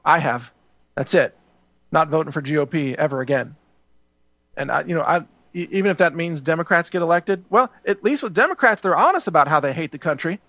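A man's voice: a little high, expressive, a little fast, bright, forceful tone, dry recording. A middle-aged man hosting a political show, speaking in a heated, ranting monologue that often repeats words. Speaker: show host.

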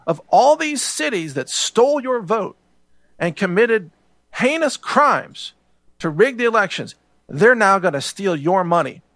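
A man's voice: fairly high pitch, fairly bright tone, dry recording. A middle-aged man hosting a political show, speaking in a heated, ranting monologue that often repeats words. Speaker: show host.

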